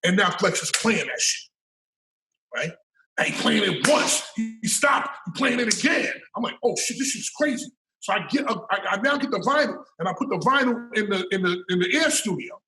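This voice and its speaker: A man telling a story as an interview guest, loud and profane, breaking into shouted hype calls. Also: sits high, expressive, normal speed, creaky, reverberant, a little hiss or hum, poor audio. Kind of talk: animated storytelling.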